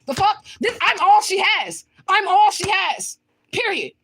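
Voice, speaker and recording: A woman's voice: very high voice, animated, a little slow, fairly bright tone. A woman livestreaming and answering viewer comments in a blunt, confrontational way, swearing often and repeating her points for emphasis. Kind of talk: casual livestream talk.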